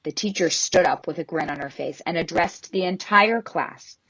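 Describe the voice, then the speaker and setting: Woman reading a kids' story, husky low voice, dry muffled lo-fi sound. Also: moderate pace, hardly any pauses, no room sound. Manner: expressive. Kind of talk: reading a children's story aloud.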